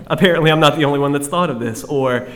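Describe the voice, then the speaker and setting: A man's voice: fairly high pitch, normal speed, a bit bright. A man sharing his recovery story candidly with a group, self-mocking and rambling, full of restarts. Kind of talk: candid personal testimony to a group. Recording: long reverb of a hall.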